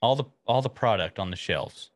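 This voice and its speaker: A man's voice: fairly low pitch, expressive, a little fast. A man co-hosting a casual podcast chat, nitpicking small details of the show he is discussing. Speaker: podcast co-host.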